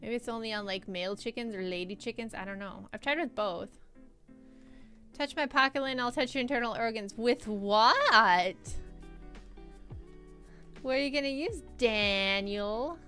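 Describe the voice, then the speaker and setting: Bright chatty woman streamer. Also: fairly high pitch, a little slow, pauses often, soft background music. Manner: chatty storytelling, animated, laughs often. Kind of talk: casual chat with live chat.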